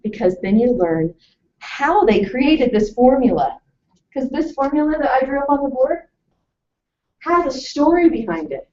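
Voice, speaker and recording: Woman, lively storytelling presenter, mellow tone, muffled lo-fi recording. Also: high-pitched, measured pace, a little hiss or hum. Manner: animated storytelling, asks the audience questions. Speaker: webinar presenter. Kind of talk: lively presentation to a live audience. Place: room with a live audience. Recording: distant mic, muffled lo-fi sound.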